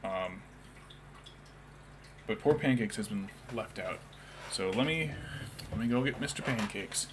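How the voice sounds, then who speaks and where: A man's voice: lowish voice, expressive, a little slow, pauses often, noisy background. Rambling man painting on stream. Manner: rambling, talks baby talk to his cat. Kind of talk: casual streaming chat.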